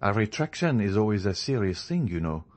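A man reading a courteous, genial male journalist in a storybook, measured and increasingly firm. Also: fairly low pitch, big pitch swings. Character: genial male journalist, friendly yet proud.

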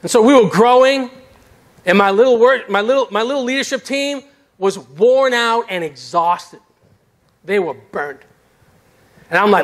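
A middle-aged male pastor preaching a sermon about his own life, telling it in an animated, self-deprecating way. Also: high voice, unhurried, pauses often. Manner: animated storyteller, acts out voices, self-deprecating humor. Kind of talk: sermon with personal testimony. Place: church sanctuary.

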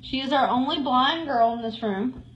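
A woman's voice: high voice, normal speed, highs cut off, slight background noise. A woman giving a live tour of a cat shelter, cooing and baby-talking to the cats as she goes. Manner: coos and baby-talks to cats.

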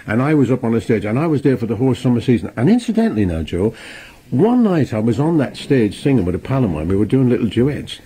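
An older Irish man recalls his career in a relaxed interview, chuckling as he goes. His voice is mellow and slightly husky. The melody of his speech rises and falls a lot. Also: medium pitch, fast talker. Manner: chatty storyteller, chuckles, restarts.

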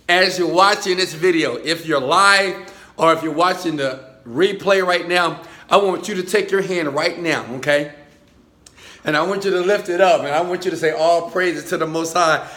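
Hyped high-voiced motivational man. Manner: shouts chants and repeats phrases. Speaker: motivational speaker. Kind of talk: hyped motivational talk to camera. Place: high-rise apartment. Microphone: phone camera.

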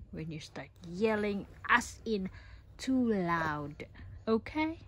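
A woman's voice: mid-range voice, animated, takes it slowly, a bit bright, a little hiss or hum. A mother cooing and baby-talking to her infant, playful and often whispering.

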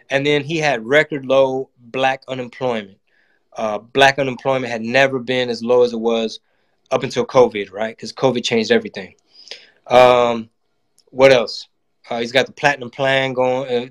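A man's voice: medium pitch, a bit bright. A man giving a casual, profane political monologue and acting out quotes in voices. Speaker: comedian and channel host.

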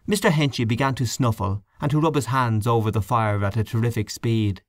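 A man narrating a short story as an audiobook reader, measured and expressive. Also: medium pitch, no echo, studio quality. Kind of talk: scripted narration.

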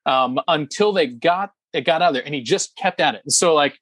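Man, podcast co-host, casual chat, slightly high voice, dry close sound, emphatic, lots of ums. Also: a little fast, fairly bright tone, dry recording.

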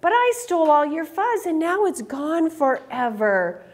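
A woman's voice: high-pitched, big pitch swings, measured pace, pitched above the performer's own voice. A woman voicing a boastful bully prairie dog while reading a picture book aloud. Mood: humbled.

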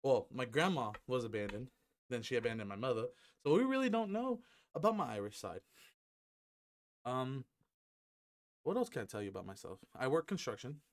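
A man's voice: mid-range voice, big pitch swings, moderate pace, long pauses. A young man chatting to camera at home in a rambling, joking way, swearing freely and filling gaps with ums. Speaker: gaming YouTuber. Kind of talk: casual rambling vlog to camera. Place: at home with his dog. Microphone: headset.

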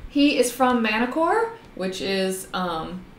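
A woman's voice: fairly high pitch, sing-song, takes it slowly, echoey room, a little hiss or hum. Chatty woman co-hosting a live stream. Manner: chatty, laughs often, trails off with ums. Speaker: co-host of a live drawing stream. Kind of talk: casual chat.

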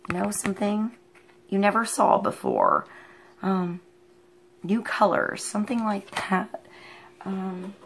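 A woman talks through a tarot reading off the cuff, in a voice of ordinary middle pitch. She speaks unhurriedly and halts often to think aloud between ideas. Faint background noise sits under her voice. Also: very animated, vocal fry. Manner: musing, halting, thinks aloud with many pauses. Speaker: tarot reader.

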